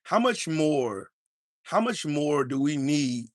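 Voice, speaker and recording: A man's voice: on the high side, big pitch swings, slow pace, no room sound, studio quality. A man hosting a live-streamed podcast, ranting in an angry, profane and confrontational way. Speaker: podcast host.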